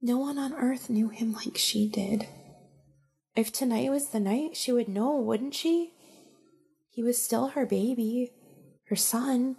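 A woman narrating a story in a hushed, breathy manner, often sinking close to a whisper. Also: a little high, slow pace, pauses often.

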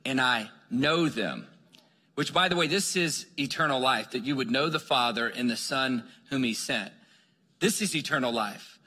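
A bright, forceful male preacher tells his story with animated energy, jumping into the voices of the people in it. His slightly husky voice rings out with a long reverb, as in a large hall. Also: mid-range voice. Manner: animated storyteller acting out dialogue. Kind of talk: sermon storytelling.

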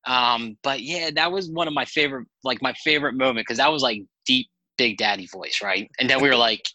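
A man with a very bright, forceful voice tells loose, rambling stories as a podcast guest. He talks casually, swears freely and jumps between thoughts. The sound is dry and close, with no room around it. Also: mid-range voice, brisk, no room sound, poor audio. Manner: animated, rambling anecdotes with profanity. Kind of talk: casual storytelling chat.

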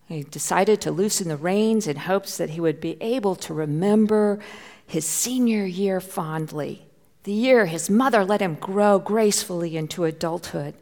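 A woman's voice: lowish voice, normal speed, darkish tone, big-room sound. A middle-aged woman pastor preaching a sermon, telling a personal story with heartfelt feeling and sometimes dropping to a near whisper. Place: church.

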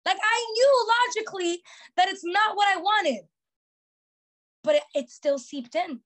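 A young woman with a high, bright-sitting voice talks on her podcast in a motivational vein. She hammers her points home by repeating phrases and leans on casual "like" fillers between thoughts. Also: unhurried. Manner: emphatic, repeats key phrases, frequent "like" fillers. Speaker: podcast host.

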